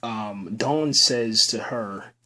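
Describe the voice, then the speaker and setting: A man's voice: on the low side, drawn-out words, sharp tone. A man casually recapping a TV episode for his viewers, loose and rambling with plenty of fillers. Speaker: show recap reviewer.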